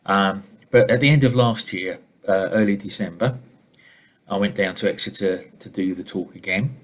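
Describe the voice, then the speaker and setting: A middle-aged man, a leadership trainer and coach, giving an informal webinar presentation over a video call in a relaxed, conversational storytelling manner. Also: fairly low pitch, moderate pace.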